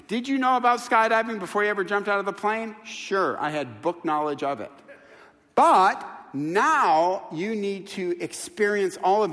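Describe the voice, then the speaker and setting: A man preaching a sermon as pastor, telling stories with lively, acted-out quotes. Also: high voice. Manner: animated storytelling, quoting people in voices. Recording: long hall reverb.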